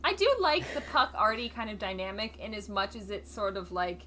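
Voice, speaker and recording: A woman co-hosting a podcast, chatting casually and recapping a TV episode, quick and wry, acting out lines she quotes. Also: medium pitch, expressive, sharp tone, a little hiss or hum. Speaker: podcast co-host.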